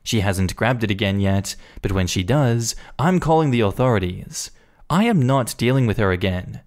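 A man reading a first-person Reddit story aloud in an animated, indignant storytelling manner. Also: lowish voice, normal speed. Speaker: story narrator.

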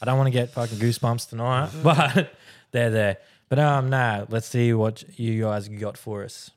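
A man's voice: mid-range voice, fairly even intonation, normal speed, no room sound, studio quality. A man with an Australian accent hosting a podcast in laddish, crude banter. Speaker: podcast host. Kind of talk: casual chat.

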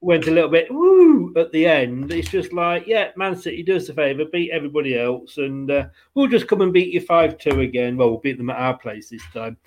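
High-voiced chatty man hosting. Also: brisk, few pauses. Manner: chatty and upbeat, with laughs and fillers. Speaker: podcast host. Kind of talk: casual football podcast chat.

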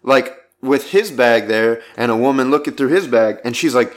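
A man's voice: medium pitch, fairly even intonation, a little fast. Rambling young man telling an anecdote. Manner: rambling, full of "like" fillers, laughing between lines. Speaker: storyteller.

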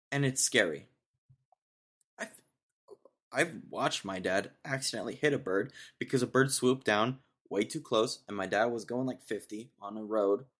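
A man's voice: on the low side, fairly bright tone. Young dude from texas ranting solo on his podcast, laid back, says dude a lot. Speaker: podcast host. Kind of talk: solo casual rant.

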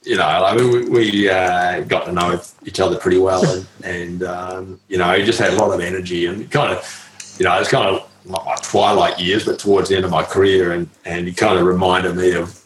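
A man with a notably low voice tells an old story in an interview, halting and full of ums and salty slang. He sounds like a former pro cyclist reminiscing. The room gives a roomy echo, with a faint ambient hum behind him. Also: flat delivery. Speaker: retired pro cyclist, guest.

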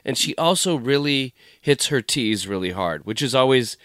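A man's voice: medium pitch, expressive, moderate pace, a bit bright, no echo, studio quality. A man hosting a podcast in casual conversation, rambling and breaking off his own sentences. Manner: rambling, self-interrupting, chatty. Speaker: podcast host.

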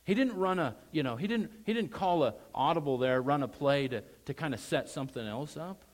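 A man preaching a sermon emphatically, repeating phrases and swinging between loud stressed words and quiet asides. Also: fairly high pitch, animated, brisk. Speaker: pastor.

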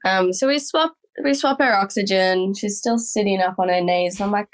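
Lively young Australian woman telling a story. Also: mid-range voice, moderate pace, hardly any pauses. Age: young adult. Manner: lively and animated, with frequent "like" and "um". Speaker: guest. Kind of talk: casual storytelling interview.

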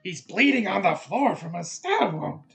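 A man's voice: high voice, big pitch swings, moderate pace, gravelly, soft background music, voice pushed up, heavily acted. A man voicing a grieving male goblin who sobs and wails accusations. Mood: accusing. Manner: wailing, accusing. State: crying.

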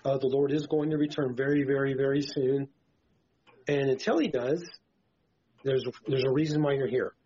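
A man's voice: mid-range voice, fairly even intonation, normal speed, mellow, slight background noise. A tired man co-hosting a Christian podcast, rambling and stammering as he preaches in casual talk. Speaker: podcast co-host. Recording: dull lo-fi podcast audio.

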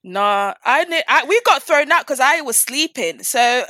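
A woman's voice: high-pitched, lively intonation, a little slow, bright, forceful tone, dry recording. A woman chatting casually about a TV show, stressing her opinions by repeating words. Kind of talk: casual chat reviewing a TV show.

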